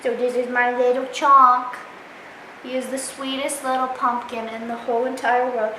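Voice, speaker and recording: A woman's voice: a little high, little pitch movement, moderate pace, pushed and bright. Young woman vlogger, chatty and doting; roomy, slightly noisy home recording. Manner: chatty, gushing baby talk to her pet. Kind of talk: casual pet tag vlog. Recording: echoey room, faint noise.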